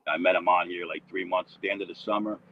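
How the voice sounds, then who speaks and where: A man's voice: deep voice, steady tone, fast, muffled recording, slight background noise. A man rambling through a casual livestream chat, often tagging on "you know what I mean".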